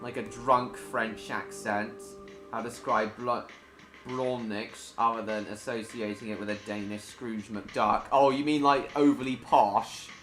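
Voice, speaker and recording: A man's voice: mid-range voice, steady tone, a little slow, fairly bright tone, soft background music. A man hosting a casual gaming live stream, chatting playfully with his viewers. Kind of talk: casual chat while gaming.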